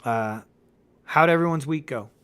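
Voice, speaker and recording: A man hosting a casual podcast, ranting in an animated way with swearing and laughter. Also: a little high, measured pace, clean tone. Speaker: podcast host. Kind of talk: casual fantasy football podcast chat. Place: home in the mountains.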